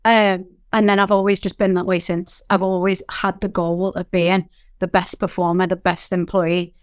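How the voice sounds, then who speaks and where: A woman in her thirties with a Liverpool accent, a company founder telling her story in a candid interview, animated and full of fillers. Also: on the low side, moderate pace, clean tone, no echo, clean studio sound. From England.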